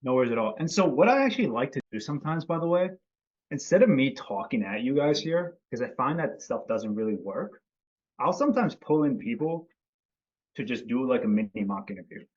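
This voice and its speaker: An easygoing man hosts a live-stream lesson over a video call. His voice sits at a medium pitch and he greets people by name. The call audio sounds slightly dull and lo-fi. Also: very animated, fairly quick, darkish tone, husky. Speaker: host and company CEO. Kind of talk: casual live-stream teaching.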